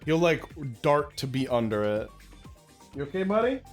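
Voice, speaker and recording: A man's voice: a little high, sing-song, moderate pace, faint music behind. Young man cooing at his cat. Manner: coos baby talk at his cat, swears casually. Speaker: streamer. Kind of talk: casual chat to viewers. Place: at home indoors. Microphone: desk mic, handled up close.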